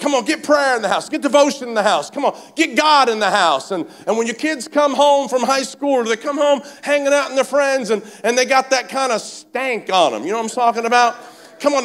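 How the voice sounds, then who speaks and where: Fervent high-voiced male preacher. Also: expressive, a little fast. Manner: fervent, repeatedly urges the congregation with "come on"; swings between shouting and quiet speech. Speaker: pastor. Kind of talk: sermon. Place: church service.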